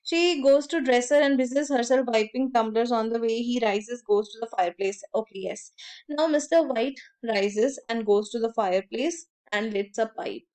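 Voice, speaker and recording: A woman teaching a literature lesson, reading quoted lines from a story and then paraphrasing and explaining them with many pauses and fillers. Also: on the high side, a little mellow, smooth.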